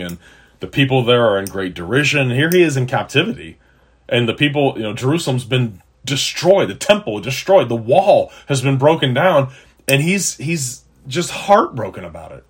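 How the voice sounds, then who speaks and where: A man preaching an earnest sermon to his listeners, emphatic, swinging between loud and quiet. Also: mid-range voice, husky. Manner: earnest, emphatic, rises and drops in loudness. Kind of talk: sermon-style teaching.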